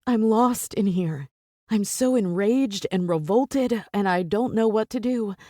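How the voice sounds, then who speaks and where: A woman's voice: medium pitch, unhurried, dark tone, no room sound, clean studio sound. A woman narrating a first-person romance audiobook with intense, emotional delivery.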